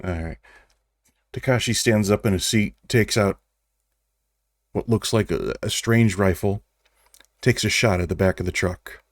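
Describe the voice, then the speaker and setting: A man narrating as game master of a tabletop role-playing game, wry and relaxed, with small restarts. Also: lowish voice, measured pace, pauses often, no room sound, clean studio sound.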